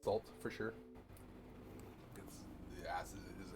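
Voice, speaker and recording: A man's voice: low-pitched, steady tone, slow pace, noisy background. A man co-hosting a live cooking stream, easygoing and brief, tasting food and giving advice. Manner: easygoing, short replies, tastes and advises. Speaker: cooking stream co-host, on the grill. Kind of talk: casual live cooking chat.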